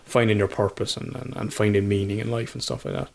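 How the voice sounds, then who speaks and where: A man co-hosts a casual podcast, his voice sitting a little low. He rambles through his stories, swears freely and laughs often. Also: steady tone, fast talker, vocal fry, a little mellow. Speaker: podcast co-host. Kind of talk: casual chat.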